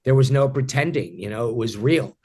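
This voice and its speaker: A man in his fifties answering interview questions as an actor, reflective and halting, with frequent repeated starts. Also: mid-range voice, expressive, dark tone, slightly rough. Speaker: actor guest.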